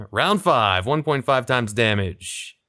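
A young man giving casual, chatty commentary over his own gameplay, relaxed and laughing often. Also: mid-range voice, slow pace, no room sound, studio quality. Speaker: gaming video creator.

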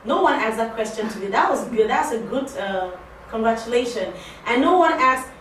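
A woman gives a training lesson to a class, speaking in a higher register, repeating her points for emphasis and quizzing her listeners. She sounds distant from the mic in a very echoey room, with faint noise underneath. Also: animated, normal speed, fairly bright tone. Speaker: ESL teacher training teaching assistants. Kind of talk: interactive classroom talk.

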